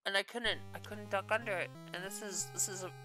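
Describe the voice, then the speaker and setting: A woman's voice: mid-range voice, steady tone, a little fast, music in the background. A woman doing let's play commentary, exasperated, swearing freely, with yelps and laughs. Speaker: video game streamer.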